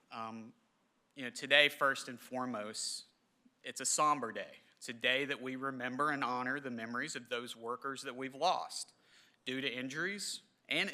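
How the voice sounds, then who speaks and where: A man, giving a halting, emotional memorial ceremony speech in a large hall. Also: medium pitch, bright, forceful tone. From southern West Virginia. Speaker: government official speaker.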